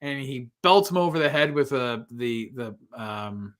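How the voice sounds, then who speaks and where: A man's voice: medium pitch, animated, unhurried, fairly bright tone. A man co-hosting a podcast, chatting casually about a movie, laughing often and acting out lines. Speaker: podcast co-host.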